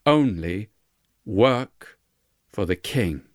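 A man voicing a calm, unruffled female angel who speaks in a measured, solemn way. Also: lowish voice, dry recording, studio quality, pitched below the performer's own voice.

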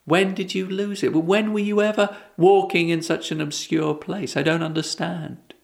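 A man's voice: high-pitched, steady tone, moderate pace, gravelly. A man voicing a loyal male servant who is humble and puzzled, speaking hesitantly.

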